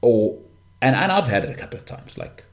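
A man's voice: mid-range voice, huge pitch swings, a little fast. A man with a Johannesburg northern suburbs South African accent, hosting a podcast in a blunt, rambling, candid rant full of restarts and asides. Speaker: podcast host.

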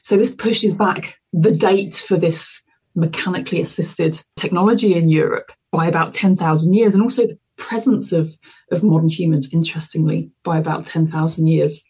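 A woman's voice: sits low, fairly even intonation, moderate pace, dark tone, husky, low-quality recording. A woman researcher answering interview questions, explaining carefully and thoughtfully as she goes. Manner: explanatory, thoughtful, with fillers and restarts. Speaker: university researcher.

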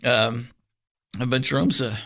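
A middle-aged man with a soft drawl and a bright, forward tone. He talks as a guest pastor in a relaxed interview. He winds through an anecdote with plenty of fillers and false starts. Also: mid-range voice, slow pace, vocal fry. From Kentucky, USA. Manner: rambling, animated storyteller with many fillers and restarts. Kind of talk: casual storytelling interview.

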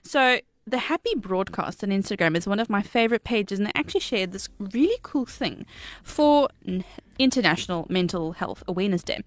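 A woman's voice: medium pitch, animated, no room sound. A young South African woman co-hosting a youth radio show, chatting casually and reading out a quiz. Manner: chatty, quick asides, slows to read quiz options. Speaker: radio co-host.

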